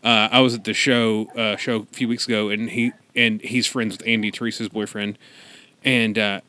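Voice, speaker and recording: A man's voice: on the low side, level tone, moderate pace, pushed and bright. A man, chatting casually with friends around a table and acting out the people in his stories. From Louisville, Kentucky. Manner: storytelling, acts out quotes. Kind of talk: casual chat.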